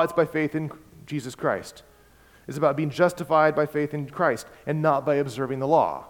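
A man preaching a sermon, emphatic and repeating key words, swinging between loud and soft. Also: on the high side, normal speed. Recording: long hall reverb.

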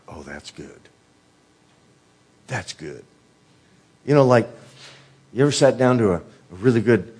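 Husky-voiced man preaching a sermon. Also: lowish voice. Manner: earnest, rhetorical questions, drops softly on quoted words.

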